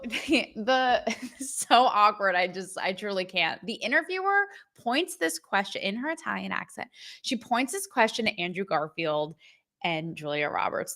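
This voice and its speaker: A woman host with a bright, fairly high voice talks through her take on the day's news in a loose, animated way. She goes off on quick asides and mixes in laughs as she goes. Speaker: show host. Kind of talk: casual commentary.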